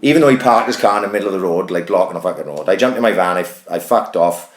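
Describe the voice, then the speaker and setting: A man, co-hosting a casual podcast and telling a long, sweary, animated anecdote. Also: low voice, rapid-fire, roomy sound. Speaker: podcast co-host. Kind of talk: casual chat, storytelling.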